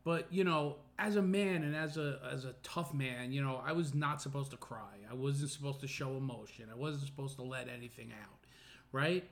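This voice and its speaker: A man's voice: medium pitch, normal speed. A middle-aged man hosting a podcast, talking earnestly in a casual personal monologue full of fillers and restarts. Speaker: podcast host.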